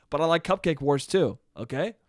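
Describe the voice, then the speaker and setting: A man's voice: fairly high pitch, no room sound, clean studio sound. Sarcastic American man on a profane rant. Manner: profane, sarcastic, exasperated ranting. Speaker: podcast host. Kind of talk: solo comedic rant.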